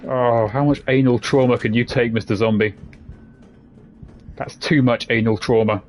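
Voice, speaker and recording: A man's voice: mid-range voice, fairly even intonation, normal speed, a little mellow, soft background music. A man giving casual, jokey commentary while playing a video game, rambling between asides. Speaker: game streamer. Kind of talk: casual let's-play commentary.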